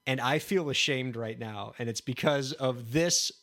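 A man hosting a podcast, talking in an animated, self-mocking way and laughing often. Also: mid-range voice, a little slow. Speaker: podcast host. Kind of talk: podcast talk.

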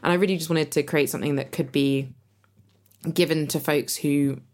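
A woman's voice: deep voice, steady tone, moderate pace, darkish tone. A woman co-hosting a podcast, speaking reflectively in casual conversation, with many fillers and restarts. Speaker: podcast co-host and author.

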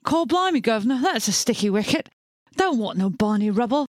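A woman's voice: fairly high pitch, big pitch swings, brisk, no room sound, clean studio sound. A woman voicing a cartoonish male Cockney character, piling on exaggerated rhyming slang in a put-on Cockney accent. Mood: chirpy.

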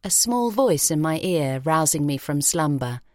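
Woman, low voice, expressive audiobook narration, dry studio. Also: no echo. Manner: measured, expressive storytelling. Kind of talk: scripted narration. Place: recording studio.

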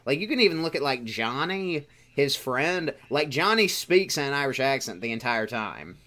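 A man's voice: medium pitch, very animated, moderate pace, pushed and bright. A man in casual chat, arguing his opinions firmly as a podcast co-host. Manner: opinionated, argumentative.

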